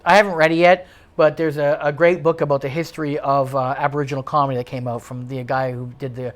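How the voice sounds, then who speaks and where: A man's voice: fairly high pitch, little pitch movement, fast talker. A man who works as a stand-up comedian, ranting bluntly and swearing freely as the guest in a casual chat.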